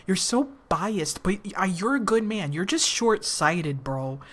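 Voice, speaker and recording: A blunt, gossipy bone reader lady played by a woman retelling a story, chatty and slangy, tossing out casual slang with a raised, brighter pitch. She is lifted well above the teller's own low voice. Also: big pitch swings, a little slow. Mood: teasing. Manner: slangy, calls people bro.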